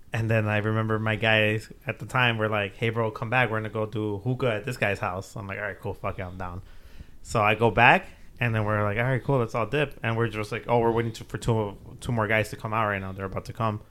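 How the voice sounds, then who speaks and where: A man's voice: on the low side, steady tone, brisk, a bit bright. A young man on a podcast, casually telling a story, swearing freely, laughing often and acting out what people said. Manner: loose, profane, laughs often, acts out quotes. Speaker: podcast co-host.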